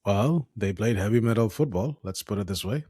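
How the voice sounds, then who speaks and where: A man co-hosting a football podcast, talking in a quick, joking way with some fillers. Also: lowish voice, expressive, darkish tone, slightly rough, dry recording, clean studio sound. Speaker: podcast co-host. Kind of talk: casual football chat.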